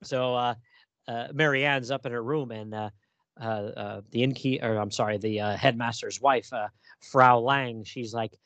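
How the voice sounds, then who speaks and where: A man co-hosting a casual film discussion, animated, laughing often and acting out characters' lines. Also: mid-range voice, unhurried, no echo. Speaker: podcast co-host.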